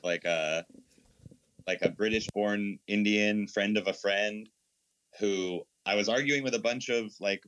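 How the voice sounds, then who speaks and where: Man, podcast co-host, low voice, relaxed and loosely phrased. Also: dry recording, rough recording. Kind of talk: casual conversation.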